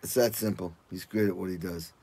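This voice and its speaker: An older man with a slightly husky voice tells road stories with lots of energy. He jumps into loud, high voices when he acts out what people said. The sound is close and dry, with no room around it. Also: fairly even intonation, brisk, dry recording. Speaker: guest drummer telling stories. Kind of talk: casual interview storytelling.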